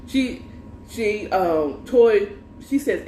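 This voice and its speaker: Slow-talking woman, echoey room. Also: lowish voice, a little hiss or hum. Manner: animated, quotes characters, swears freely. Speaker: host recapping a story. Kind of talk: casual recap with quoted lines. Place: home room. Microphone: earbuds with mic. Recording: echoey room, slightly distant mic.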